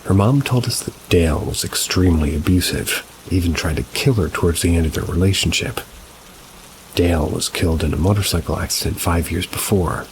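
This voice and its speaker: A man reading reader-submitted paranormal stories as scripted narration, at a slow, measured pace. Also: low-pitched, background noise. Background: rain.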